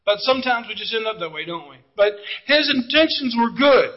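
A man's voice: very high-pitched, expressive, fairly quick, highs cut off. A male pastor preaching a sermon, emphatic and drawing out key words as he addresses the congregation directly.

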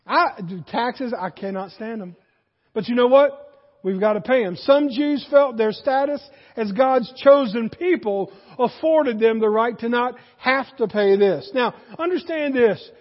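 A man with a very high voice preaching a sermon, pushing his lines up with force and then sinking low to make a point. The sound is dull and carries a long church reverb. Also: measured pace. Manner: animated preaching, rising in force and dropping low for emphasis. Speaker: pastor.

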